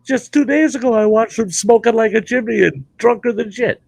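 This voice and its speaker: An older man hosting a podcast, telling a crude, animated campfire story. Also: very high-pitched, brisk, creaky, dry recording, rough recording. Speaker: podcast host.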